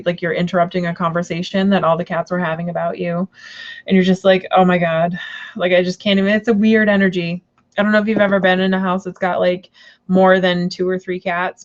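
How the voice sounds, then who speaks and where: A woman's voice: fairly low pitch, highs cut off. A woman chatting casually on a live stream, rambling with many fillers and restarts. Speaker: tarot reader and shop owner.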